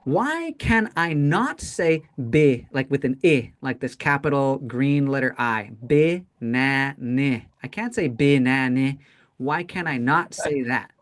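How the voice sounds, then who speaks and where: A man's voice: a little high, sing-song, measured pace, hardly any pauses, fairly bright tone. A man teaching an English pronunciation class, explaining patiently and checking in often with "right?".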